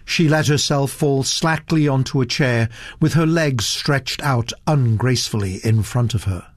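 Slow, lively male audiobook narrator, dry close recording. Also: medium pitch, dry recording. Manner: measured, expressive storytelling. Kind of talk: scripted narration.

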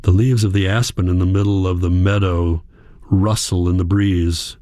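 A man reading a first-person novel aloud, quiet, measured and reflective. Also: low voice, steady tone, dry recording, studio quality. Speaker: audiobook narrator. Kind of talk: first-person literary narration.

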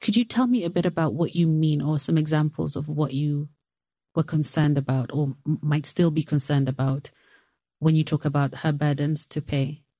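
A woman interviewer asking careful, gentle questions. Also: deep voice, steady tone, moderate pace, no echo, studio quality.

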